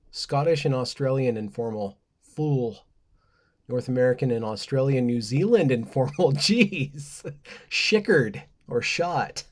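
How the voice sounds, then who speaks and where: A man's voice: mid-range voice, animated, a little slow. A man hosting a casual livestream, rambling playfully, reading word lists aloud and laughing at his own asides. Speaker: livestream host.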